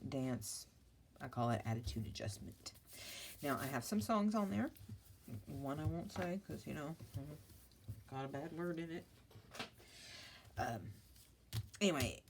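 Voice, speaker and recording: A woman's voice: low voice, a little hiss or hum. A woman vlogging casually while crafting at home, chatting and rambling to her viewers.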